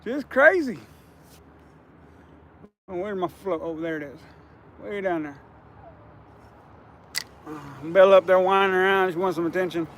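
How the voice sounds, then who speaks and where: A man hosting a fishing livestream outdoors on a riverbank, chatting casually in a hoarse, scratchy voice and rambling as he repeats himself. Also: high-pitched, measured pace, pauses often, a bit bright. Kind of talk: casual live-stream chat.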